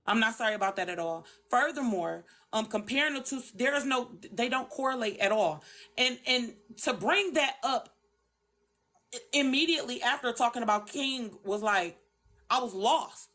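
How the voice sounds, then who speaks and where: A woman's voice: fairly high pitch, expressive, normal speed, fairly bright tone. A woman on a phone live stream, arguing her side bluntly and emphatically with lots of swearing. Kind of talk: heated livestream argument.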